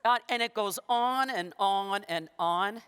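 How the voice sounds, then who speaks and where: A woman giving a storytelling keynote in a conference hall, animated and self-deprecating, often laughing between phrases. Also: medium pitch, measured pace, clean tone. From Canada. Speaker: keynote speaker. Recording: long reverb of a big hall.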